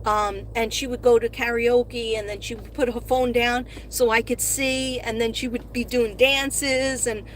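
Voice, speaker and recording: A woman's voice: fairly high pitch, steady tone, unhurried, few pauses, noisy background. A middle-aged woman hosting a casual live stream from her car, talking to viewers in a rambling, chatty way and gushing when she thanks them. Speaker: live-stream host and astrology reader. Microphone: phone.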